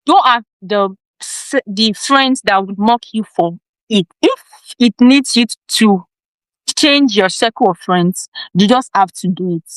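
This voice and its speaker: A woman's voice: mid-range voice, expressive, a little slow, dry recording, rough recording. A woman, a health educator and guest, giving earnest advice with occasional sound repetitions. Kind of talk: interview answers.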